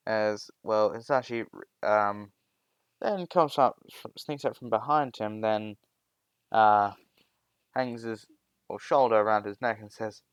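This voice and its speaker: A man's voice: fairly low pitch, unhurried, long pauses, clean tone, no echo. A man improvising a fan story aloud, rambling and correcting himself as he goes.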